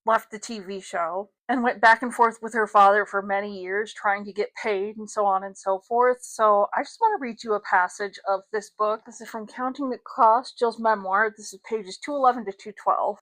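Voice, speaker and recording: A woman's voice: medium pitch, steady tone, moderate pace, hardly any pauses, a bit bright, dry recording, poor audio. A woman giving casual, blunt, profane commentary on a novel and reading passages aloud. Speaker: book commentator.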